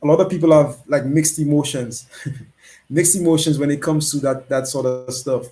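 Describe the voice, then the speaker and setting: A man asking an interview question in a relaxed conversational way, often hedging with "sort of". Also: a little high, normal speed. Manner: relaxed, uses hedges like "sort of".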